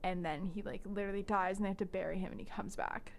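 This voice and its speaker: A woman's voice: medium pitch, steady tone, fast talker, a little hiss or hum. A young woman co-hosting a podcast, chatting casually and acting out scenes with dramatic voices. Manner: chatty, acts out characters with exaggerated dramatic voices. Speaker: podcast co-host. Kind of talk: casual chat recapping a movie.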